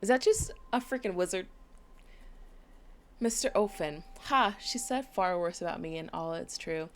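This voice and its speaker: A woman playing a story game, reading its dialogue aloud and adding quick comments of her own. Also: lowish voice, animated. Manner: reads dialogue aloud between quick asides. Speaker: game streamer.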